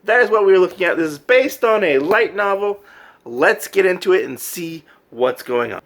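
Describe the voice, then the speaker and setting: A man chats through a manga review with a lively, bouncing delivery and a bright, forceful tone. He rambles with plenty of fillers and laughs along the way. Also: sits high, normal speed. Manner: animated, filler-heavy, laughing often. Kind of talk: casual review chat.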